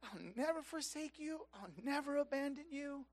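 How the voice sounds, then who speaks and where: A man voicing God as a tender, loving male figure, spoken in a hushed, gentle whisper. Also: extremely high pitch, moderate pace, voice pushed up. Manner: gentle, reassuring.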